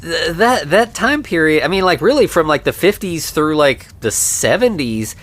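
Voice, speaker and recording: A man's voice: fairly high pitch, sing-song, normal speed, a bit bright. A man co-hosting a podcast, casually recapping an old movie with lots of "like" and "you know.". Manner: rambling, heavy on fillers like "like" and "you know". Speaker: podcast co-host.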